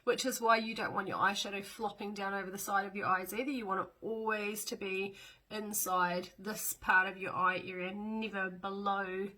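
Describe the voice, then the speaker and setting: A woman's voice: medium pitch, flat delivery, normal speed, sharp tone, low-quality recording. A middle-aged woman, chatting casually through a step-by-step makeup demo with fillers and small asides. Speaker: makeup tutorial host.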